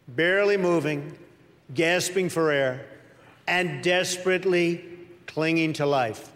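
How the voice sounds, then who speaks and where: A man delivering a stand-up roast set with slow, deliberate joke timing. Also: a little high. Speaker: roast comedian. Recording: live venue with reverb and crowd noise.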